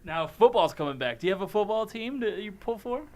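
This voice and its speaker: A man's voice: high-pitched, animated, a little fast, darkish tone. A male TV news interviewer asking friendly questions and laughing along with his guest. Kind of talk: casual interview.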